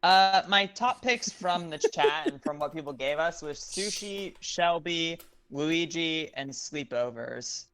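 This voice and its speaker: A woman's voice: deep voice, animated, slow pace, hardly any pauses, fairly bright tone. A woman hosting a livestream in casual chat, rambling and self-mocking. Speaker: stream host.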